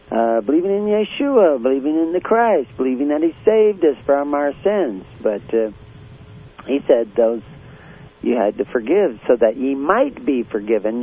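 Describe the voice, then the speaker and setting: A man preaching a blunt, confrontational radio sermon, often pausing with fillers. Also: mid-range voice. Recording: tinny phone-like radio line with faint hiss.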